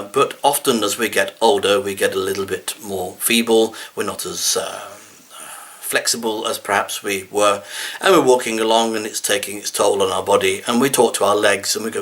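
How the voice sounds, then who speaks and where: Wry man with a bright voice. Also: fairly low pitch, moderate pace. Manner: dry, deadpan asides with sudden exasperated quoted pleas. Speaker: comedian. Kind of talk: wry comic monologue.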